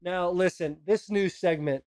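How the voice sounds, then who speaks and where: A man co-hosting a podcast, telling animated stories in casual chat and mimicking his kids' voices. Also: sits high, measured pace, no echo. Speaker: podcast co-host.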